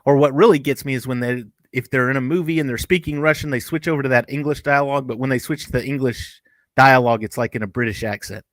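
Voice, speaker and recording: Casual review co-host, man, middle-pitched, rambly and chatty, dry close sound. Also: quick pace, a bit bright, no echo. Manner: rambling, chatty, with frequent restarts and asides. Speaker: podcast co-host reviewing TV episodes.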